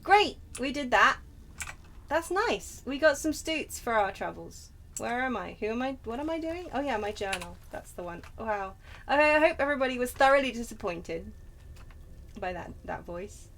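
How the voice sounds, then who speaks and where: A woman's voice: on the high side, sing-song, normal speed, fairly bright tone, a little hiss or hum. A woman streaming a game, chatting casually, bantering and poking fun at herself. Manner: chatty, self-mocking, bantering. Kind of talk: casual gameplay commentary.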